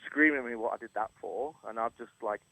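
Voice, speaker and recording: This middle-aged Englishman, a chef interviewed on radio, is a fast talker with a mid-range voice, vocal fry and a sharp tone. He tells a casual story, acting out quotes and often laughing. The studio-microphone recording from the radio studio has no echo but is low quality.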